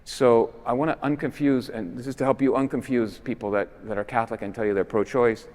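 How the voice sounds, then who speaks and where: A man giving a persuasive conference talk with emphatic stresses that drop to quiet endings. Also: steady tone, a little fast. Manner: emphatic, with swings between loud stresses and low, quiet endings. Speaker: conference speaker. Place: large basilica. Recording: long reverb in a big church.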